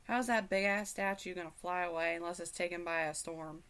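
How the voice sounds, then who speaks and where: A woman's voice: on the low side, steady tone, a little fast, fairly bright tone, smooth. A middle-aged woman hosting a casual radio chat, rambling with many fillers and restarts. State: hiccups. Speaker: radio show host.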